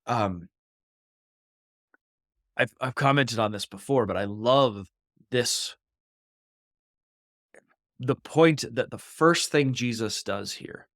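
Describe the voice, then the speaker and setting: A man co-hosting a conversational Bible discussion, mid-pitched, earnest and thoughtful. He works through the story with a close, dry sound and no room echo. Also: fairly bright tone. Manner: earnest and reflective, acts out voices when quoting. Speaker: podcast co-host.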